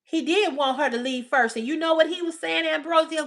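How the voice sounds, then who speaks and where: A woman's voice: high voice, a little fast. A woman hosting a livestream, talking back to her chat in casual, blunt, profane commentary. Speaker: livestream host.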